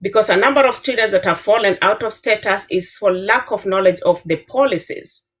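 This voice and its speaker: A Kenyan woman in her fifties, a professor with a Kenyan accent, giving earnest advice on a panel with frequent filler pauses. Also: medium pitch. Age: 50s. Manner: earnest, advising, many filler uhs. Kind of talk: panel discussion answer.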